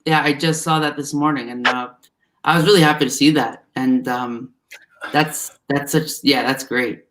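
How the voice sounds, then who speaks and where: A man from New Jersey, a recruiter appearing as a guest, chatting in a relaxed, easygoing way over a video call. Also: mid-range voice, normal speed, background noise. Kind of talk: casual interview chat.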